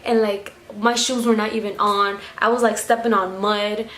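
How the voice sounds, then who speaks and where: Swearing freely, a young vlogger tells a story in a casual, lively way, performing the quotes as she goes. She speaks at a normal speed in a medium pitch. It was recorded at home on a camera mic, in an echoey room with faint noise behind her.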